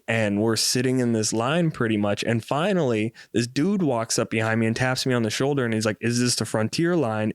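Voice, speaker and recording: A man's voice: mid-range voice, clean tone, no echo. Young male podcaster, casual rambling story, clean resonant voice. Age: 20s. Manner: rambling, profane, animated storyteller. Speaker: podcast host.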